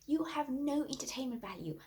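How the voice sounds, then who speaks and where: Woman playing a brash, rambling woman author with a shady past, slightly high voice, deadpan delivery, improv comedy. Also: a little fast, a little hiss or hum. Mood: threatening.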